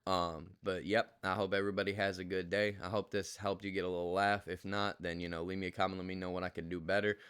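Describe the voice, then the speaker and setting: A young man rants casually to his viewers about rude customers. His voice sits low and sounds smooth and clear. He repeats himself with exasperated emphasis, yet stays reassuring. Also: little pitch movement, fast, few pauses, fairly bright tone. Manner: exasperated, repetitive, reassuring, colloquial. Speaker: customer service rep vlogger. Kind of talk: casual ranting monologue to camera.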